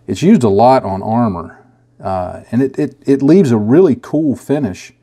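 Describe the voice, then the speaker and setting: A middle-aged man hosting a scale modeling how-to in a casual, easygoing way, chuckling at himself and pausing with fillers. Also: mid-range voice, mellow. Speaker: scale modeling tutorial host.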